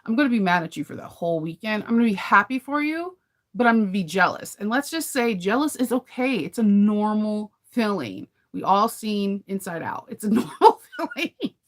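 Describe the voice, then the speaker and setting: A sewing channel host chats casually with viewers on a live stream, in a mid-range, very animated voice at a moderate pace. She rambles, giggles, and laughs often.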